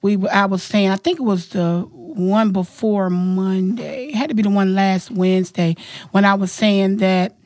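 A woman's voice: medium pitch, fairly even intonation, moderate pace, a little mellow, no echo. A woman hosting a casual podcast, talking bluntly, profanely and emphatically. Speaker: podcast host.

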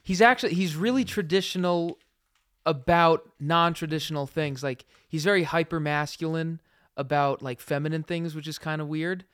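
A man's voice: on the high side, fairly even intonation, moderate pace, a bit bright, smooth, dry recording. Wry young man, dry teasing talk. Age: young adult. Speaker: guest. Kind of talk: casual chat.

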